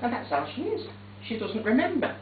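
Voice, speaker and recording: A man's voice: very high-pitched, a little fast, a little hiss or hum. Prim fussy guy doing a stage monologue, voice swings all over, echoey far-off tinny sound. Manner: fussy, prim, deadpan storytelling. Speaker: stage actor. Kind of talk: theatrical monologue. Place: theatre stage. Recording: echoey theatre, distant tinny capture.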